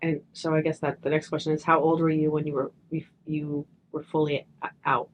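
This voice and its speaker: A woman asking halting interview questions for an oral history project. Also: deep voice, level tone, slight background noise, low-quality recording.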